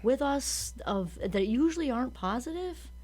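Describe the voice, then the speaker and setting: A woman co-hosting a casual podcast conversation, chatty and enthusiastic, quick to agree and to laugh. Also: high-pitched, animated, a little mellow. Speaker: podcast co-host.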